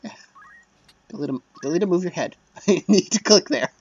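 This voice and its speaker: A man casually commentates a strategy game as he plays it, chatty, self-deprecating and prone to muttering under his breath. His voice sits high and sounds animated and brisk, a little mellow with a breathy edge, through a dull lo-fi dry mic.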